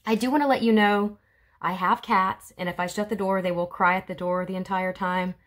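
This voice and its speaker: Her mid-range voice keeps a fairly even intonation and moves along quickly. A woman with a Southern US accent, she teaches kids art in a friendly, chatty home video shot on a phone camera in a room at home, explaining each step while drawing.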